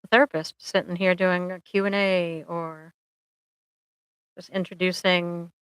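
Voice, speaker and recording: A woman's voice: lowish voice, level tone, a little slow, clear, resonant tone, no echo, low-quality recording. Chatty, joking woman therapist on a livestream. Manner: chatty, jokey, uses analogies and playful asides. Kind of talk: casual live chat.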